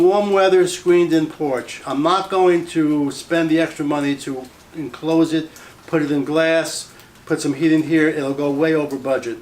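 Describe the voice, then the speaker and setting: A man who invests in real estate, giving a casual, plain-spoken walkthrough of a house he is renovating, thinking aloud as he goes. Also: on the high side. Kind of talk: walkthrough property tour. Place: empty house under renovation, indoors. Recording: echoey bare rooms.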